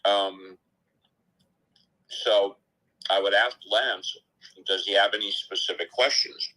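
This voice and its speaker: A man moderating an online audio chat room, speaking in a measured, storytelling way. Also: fairly low pitch, fairly even intonation, bright, forceful tone, low-quality recording.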